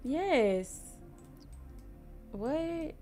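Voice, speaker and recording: A young woman gives loose, talkative commentary on her life-sim game in a fairly high voice that lifts into squeals when something delights her. Soft R&B music plays faintly underneath. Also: drawn-out words. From Missouri, USA. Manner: chatty, expressive, squeals when excited, talks to viewers. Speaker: gaming streamer. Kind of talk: casual gameplay commentary. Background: soft R&B background music.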